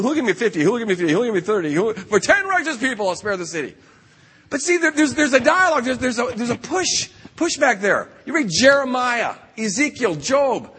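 A man giving an animated sermon at a retreat camp, acting out the voices in the stories he tells. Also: high-pitched, slightly rough, big-room sound. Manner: animated, acts out quoted voices. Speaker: retreat speaker.

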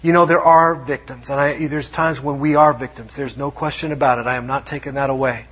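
A man preaching a lively sermon, acting out little quotes as he goes. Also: mid-range voice, a little fast, breathy edge. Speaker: pastor. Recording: dull lo-fi sound.

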